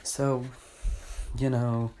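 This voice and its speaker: A man's voice: mid-range voice, little pitch movement, very slow, background noise. A young man casually reviewing a book, rambling and sarcastic, often correcting himself mid-sentence.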